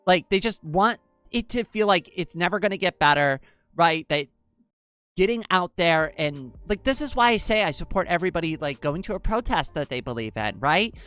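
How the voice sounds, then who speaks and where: A woman's voice: lowish voice, lively intonation, normal speed, fairly bright tone, smooth, dry recording, soft background music. A young woman with an androgynous-sounding voice, chatting casually with her livestream viewers and rambling with lots of fillers. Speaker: livestream host. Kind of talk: casual livestream chat, answering chat.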